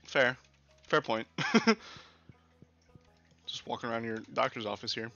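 A man's voice: mid-range voice, a little slow, gravelly, bright, forceful tone. A man streaming a let's play, chatting and joking with his chat and swearing casually. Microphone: older desk mic. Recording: dull lo-fi mic. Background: faint game music.

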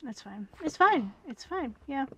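A woman giving gameplay commentary, muttering and whispering to herself and scolding the animals in loud bursts. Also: high-pitched, very animated, measured pace, background noise. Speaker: gamer.

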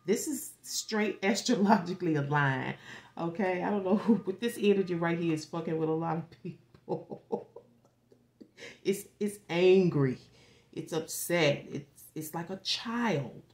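A woman with a fairly low voice reads tarot cards for her viewers in a loose, rambling way. She swears freely and slips into whispers as she senses the reading, then picks back up. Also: a little slow. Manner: rambling, animated, swears freely, acts out quoted reactions. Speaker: tarot reader. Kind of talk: casual tarot forecast.

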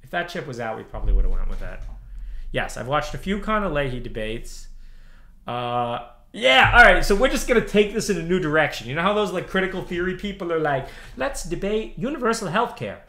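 A man's voice: fairly high pitch, sing-song, brisk, pushed and bright. A man in his thirties ranting on a livestream, heated and profane, repeating himself as he answers chat. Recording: roomy echo.

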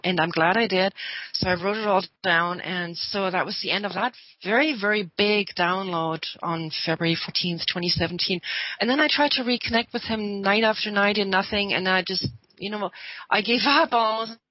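Bright-voiced woman telling an earnest story. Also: mid-range voice, normal speed, no echo, low-quality recording. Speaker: radio guest. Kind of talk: storytelling on a talk show.

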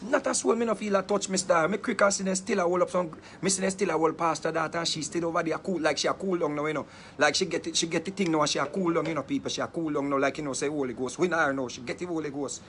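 A Jamaican man telling a story in casual, patois-heavy speech, animated and laughing often. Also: a little high, fast, a little hiss or hum.

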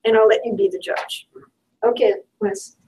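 Woman presenter, high voice, conversational, searching for words, heard from some distance. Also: very animated, moderate pace, creaky, a little mellow. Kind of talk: informal lecture to a small audience.

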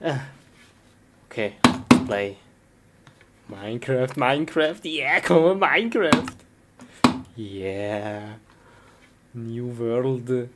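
Excitable comic woman with a very slow delivery, recorded with loud noise behind her. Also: rumbling low. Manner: excitable, yelps and laughs often. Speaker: comedy sketch performer. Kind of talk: comedic skit acting. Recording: noisy recording.

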